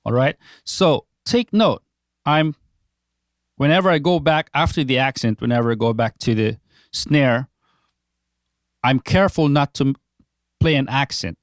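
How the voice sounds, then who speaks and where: A man's voice: mid-range voice, measured pace, pauses often, dry recording. Man explaining drum patterns, close and dry. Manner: calm step-by-step explanation. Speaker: drum teacher. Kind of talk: instructional drum lesson.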